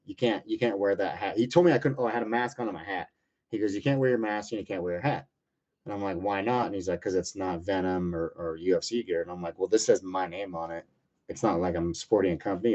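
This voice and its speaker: Brief: man in his thirties, low-voiced, rapid, profane storyteller, rambling with fillers. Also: darkish tone. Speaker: UFC lightweight fighter, interview guest. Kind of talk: casual storytelling interview. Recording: muffled lo-fi audio.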